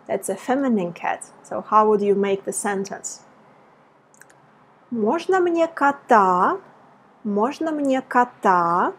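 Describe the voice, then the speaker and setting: A woman teaching a language lesson in English, explaining grammar and repeating example phrases slowly. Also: on the high side, husky. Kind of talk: slow language lesson with read-aloud examples.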